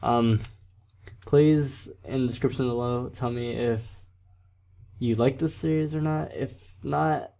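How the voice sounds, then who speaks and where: A man's voice: mid-range voice, creaky, darkish tone. A man hosting a let's play, reading a visual novel aloud with casual, self-deprecating asides and frequent stumbles over words.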